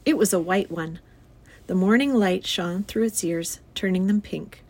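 A woman teacher reading a children's novel aloud to her class in a clear, expressive storytelling voice. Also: mid-range voice, measured pace. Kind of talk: read-aloud children's book.

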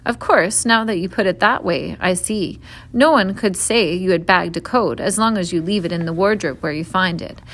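A woman's voice: on the low side, normal speed. A woman reading a storybook aloud and voicing an eager, bossy eldest schoolboy with hearty, old-fashioned exclamations.

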